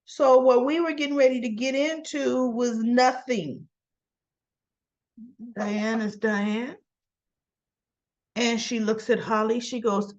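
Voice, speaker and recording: Slow-talking woman recapping a soap. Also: a little high, steady tone, a little mellow, dull audio. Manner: chatty retelling with laughs and fillers. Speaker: soap opera reviewer. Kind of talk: casual episode recap.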